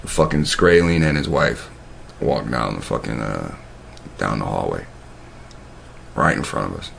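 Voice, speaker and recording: Man, deep voice, gravelly, casual profane storytelling, faint background hiss. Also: unhurried, a bit bright. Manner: profane, meandering, with frequent restarts. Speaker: video host.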